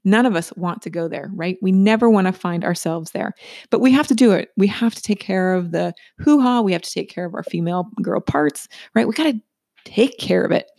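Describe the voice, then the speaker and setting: Chatty gravelly-voiced woman telling a story. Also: medium pitch, brisk, darkish tone, no room sound, clean studio sound. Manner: chatty, asks "right?" often. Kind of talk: personal storytelling monologue.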